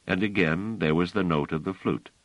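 A man reading a novel aloud as an audiobook narrator, with expressive storytelling. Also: deep voice, moderate pace, no echo, muffled recording. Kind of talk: scripted narration.

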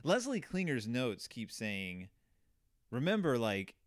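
A man hosting a casual book discussion, animated and quick to act out quotes. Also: medium pitch, no echo, clean studio sound. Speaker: podcast host.

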